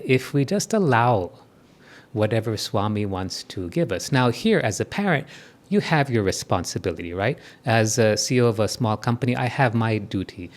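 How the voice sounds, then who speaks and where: A man in his fifties speaks to a live audience in a spiritual talk, his voice sitting at an ordinary middle pitch. He keeps it conversational, tossing quick tag questions to his listeners to keep them with him as he explains each point.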